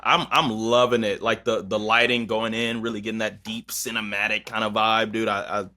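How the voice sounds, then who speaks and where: A man's voice: lowish voice, flat delivery, normal speed, bright, forceful tone. A man in his thirties co-hosting a podcast, chatting casually with playful slang and frequent laughs. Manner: laid-back, playful slang, laughs often. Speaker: podcast co-host.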